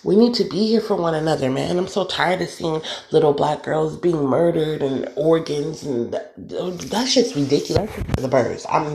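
Solo podcast host, gravelly voice, roomy echo, emphatic, repetitive, cursing. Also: mid-range voice, darkish tone.

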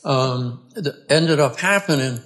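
A man, a podcast guest, earnestly telling his own story in a halting way, restarting and repeating words. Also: mid-range voice, lively intonation, fairly bright tone. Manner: earnest and plain-spoken. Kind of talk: conversational storytelling.

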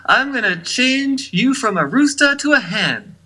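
A man putting on the voice of a sassy woman country star who warns off a pest, in a high falsetto. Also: big pitch swings, unhurried, bright, forceful tone, breathy edge, exaggerated voice. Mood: threatening.

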